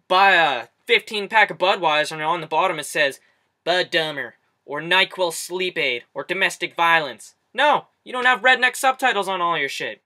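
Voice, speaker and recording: A man's voice: high voice, pushed and bright. A young man from Canada hosting a comedy show, ranting in a profane, exasperated way. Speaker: host. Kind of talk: comedic rant.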